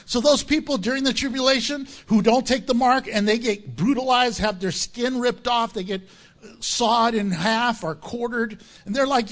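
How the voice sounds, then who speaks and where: A man's voice: very high voice, a little slow, fairly bright tone. A man, a pastor, preaching a sermon in a jokey way and acting out voices of the people he quotes.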